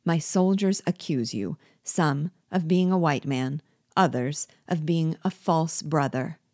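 A woman reading aloud and voicing a cold, commanding male rebel general who speaks in clipped, measured orders. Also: sits low, darkish tone, no echo, studio quality. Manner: cold and clipped, then impatient.

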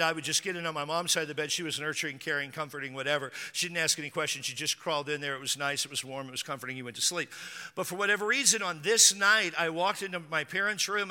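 A man's voice: on the high side, sharp tone, clean tone, long reverb tail. A man preaching a sermon as a pastor, telling stories in a conversational way with dry jokes.

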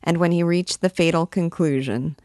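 A woman reading a classic novel aloud, measured and expressive, lifting her voice for quoted shouts. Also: lowish voice, no room sound, studio quality. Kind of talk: read-aloud narration.

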